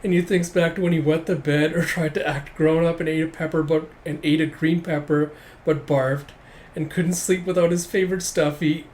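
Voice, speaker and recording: A man casually reading through a comic aloud, animated and quick to laugh. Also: a little high, a little hiss or hum. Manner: animated, laughs often, reads in voices. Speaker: comic reader and reviewer.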